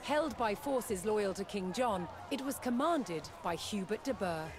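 A woman's voice: medium pitch, lively intonation, lightly acted. A woman voicing a solemn documentary game narrator. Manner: measured, solemn storytelling. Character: grave female history documentary narrator. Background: clear game score music.

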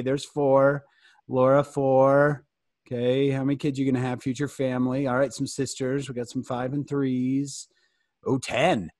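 A man in his forties at home, giving a humorous storytelling talk to teenagers, animated and joking, calling on listeners by name. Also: medium pitch, dry recording, studio quality. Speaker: youth fireside speaker.

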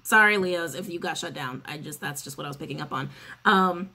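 A woman's voice: low voice, a little fast, sharp tone, slightly rough. Chatty, sassy woman reading tarot. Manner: chatty, sassy, swears freely, repeats phrases. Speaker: tarot reader. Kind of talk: casual spoken tarot reading.

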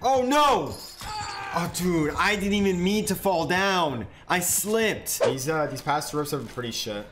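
A young man streaming a video game, swearing, shouting and laughing as he reacts to the match. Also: fairly high pitch, a little slow, hardly any pauses, noisy background. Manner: profane, excitable, yells and laughs at the game. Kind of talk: live gameplay commentary.

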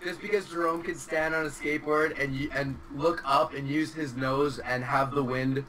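A young man on a casual podcast, chiming in with wry, deadpan jokes. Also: on the high side, moderate pace, far from the mic, over a noisy crowd, poor audio. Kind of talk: casual banter.

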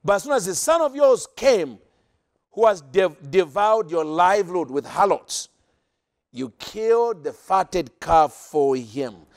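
A man's voice: sits high, big pitch swings, a little slow, heavily acted. Guy acting out bitter older brother whining, keeps score, complaining. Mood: resentful. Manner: whiny, complaining ranting. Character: resentful dutiful older son keeping score.

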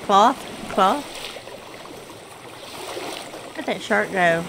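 A Southern woman drawls along slowly while she plays, full of fillers and self-deprecating asides. Her blocked sinuses roughen her mid-pitched voice. A faint noise sits under the recording. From Southern United States. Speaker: gaming channel host. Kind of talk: casual gameplay commentary.

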